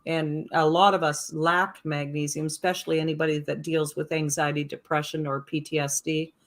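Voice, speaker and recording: Low-voiced, earnest woman. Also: little pitch movement, moderate pace. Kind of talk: panel discussion.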